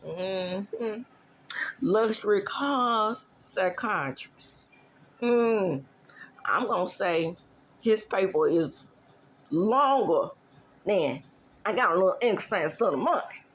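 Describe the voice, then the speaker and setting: A woman's voice: medium pitch, animated, slow pace, long pauses. Sassy woman dishing reality-TV gossip. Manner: sassy, drawling, mock-mimicking. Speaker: gossip show host. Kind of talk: casual celebrity gossip commentary.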